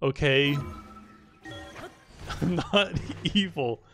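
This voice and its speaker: A man's voice: fairly high pitch, very slow, fairly bright tone, soft background music. A young man casually telling a story while playing a game, rambling with many restarts and filler words, laughing and swearing now and then. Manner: laughs often at his own story. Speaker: gamer narrating gameplay. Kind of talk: casual gaming commentary and storytelling.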